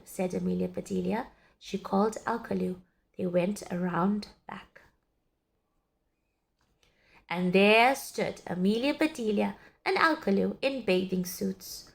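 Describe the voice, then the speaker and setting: A woman reading a children's story aloud in an expressive, sing-song way. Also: mid-range voice, measured pace, creaky. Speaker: storybook reader.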